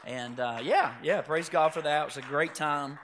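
Male pastor, sermon, high voice, swings between loud emphasis and a hush, asks the congregation questions. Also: normal speed, slight background noise. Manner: dramatic swings from loud emphasis to hushed near-whisper.

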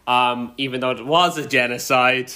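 A man's voice: medium pitch, fairly even intonation, moderate pace, bright, forceful tone. A man co-hosting a podcast, chatting casually, rambling and swearing as he riffs into rants. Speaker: podcast co-host. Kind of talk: casual chat.

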